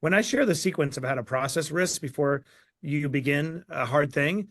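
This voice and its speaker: A man speaking as an author guest in a live online Q&A, energetic and emphatic. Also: a little high, normal speed, no echo.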